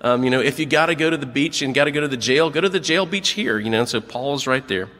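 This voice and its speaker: Animated man preaching in a reverberant church. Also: medium pitch, quick pace. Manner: animated storytelling, acts out quotes. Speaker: pastor. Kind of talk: sermon.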